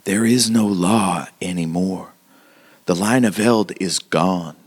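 A man's voice: deep voice, slow pace, breathy edge, full character voice. A man voicing a weary, blunt frontier townswoman who gives grim warnings. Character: weary hard-bitten woman Margot, frontier town local.

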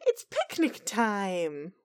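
A woman's voice: medium pitch, huge pitch swings, drawn-out words, darkish tone. A woman co-hosting a podcast, recapping a cartoon episode in a chatty, laid-back way. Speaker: podcast co-host.

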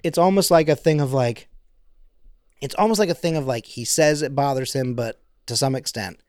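A man's voice: mid-range voice, normal speed, a little mellow, no echo, studio quality. A man co-hosting a podcast in casual chat, rambling with many fillers and acting out quotes. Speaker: podcast co-host.

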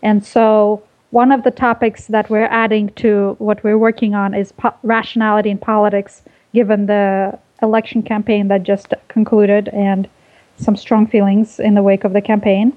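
A woman from Russia, a guest explaining her organization's work in a measured way, heard over a phone line. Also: mid-range voice, level tone. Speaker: guest, nonprofit co-founder. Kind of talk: casual interview over phone.

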